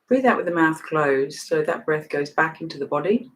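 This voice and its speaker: A woman's voice: sits low, lively intonation, normal speed, hardly any pauses, low-quality recording. Woman casually guiding breathing exercises. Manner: loose, rambling instruction with frequent restarts. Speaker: meditation and breathing teacher. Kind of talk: casual guided breathing and stretching session.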